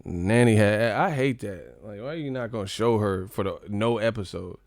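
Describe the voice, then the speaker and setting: Gravelly-voiced man, loose profane banter. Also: moderate pace, a little mellow, dry recording, clean studio sound. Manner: profane, joking, mocking chat in silly high voices. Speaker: live stream host. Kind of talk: casual live-stream chat reading comments.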